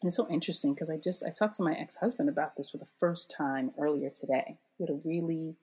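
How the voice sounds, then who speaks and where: A middle-aged woman telling her story in a casual interview, animated and laughing often as she acts out what others said. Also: low voice, fast, slightly rough. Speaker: interview guest.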